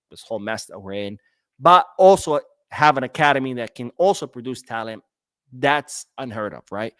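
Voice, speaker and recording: Recorded dry in a clean studio, a man with a mid-range, fairly bright voice runs a casual livestream podcast. He reads chat comments out loud and responds at rambling length, often repeating his words.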